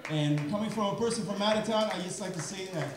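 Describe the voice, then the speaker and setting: A man's voice: sits high, fast talker, noisy background. A man from Canada, a live music entertainer doing upbeat, chatty stage banter and coaxing the audience on a live stage. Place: large hall, live stage. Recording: echoey hall, music behind.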